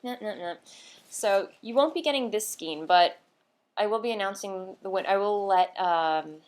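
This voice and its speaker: A woman's voice: mid-range voice, moderate pace. A tired woman hosting a knitting vlog, chatting casually and scatterbrained, with fillers and little laughs. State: tired, short on sleep. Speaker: knitting podcast host.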